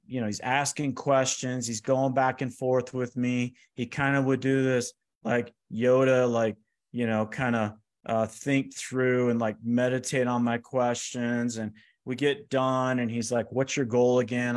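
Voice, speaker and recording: A man telling stories in a lively motivational talk, acting out the lines of the people in them. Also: medium pitch, unhurried. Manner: energetic, acts out quoted dialogue. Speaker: speaker giving a finance workshop. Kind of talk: animated motivational storytelling.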